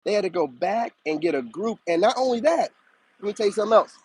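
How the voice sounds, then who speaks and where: Casting: animated male streamer, preachy, highish voice, close dry mic. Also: quick pace, breathy edge, dry recording, low-quality recording. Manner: animated, preachy, swoops up high for emphasis. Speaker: spiritual advice streamer. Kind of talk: casual live-stream monologue.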